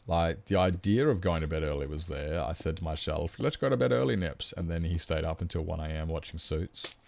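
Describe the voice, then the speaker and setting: A man's voice: steady tone, a little fast, darkish tone, a little hiss or hum. A man chatting casually with viewers on a live stream, playful and teasing, putting on mock-whiny protests. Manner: playful, teasing, mock-whiny, squeaking up high when joking. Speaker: livestreamer. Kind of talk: casual livestream chat with viewers.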